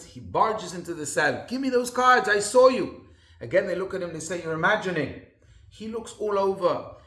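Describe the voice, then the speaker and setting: A man's voice: high-pitched, fairly bright tone, roomy sound. A man rabbi giving a sermon in an earnest storytelling manner with emphatic repetition.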